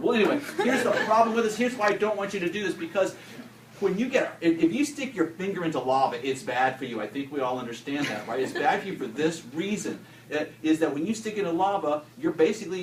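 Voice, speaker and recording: A middle-aged man teaching a classroom science demonstration, animated and joking, often restarting his sentences. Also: medium pitch. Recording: roomy classroom audio from a distant camera, with noise.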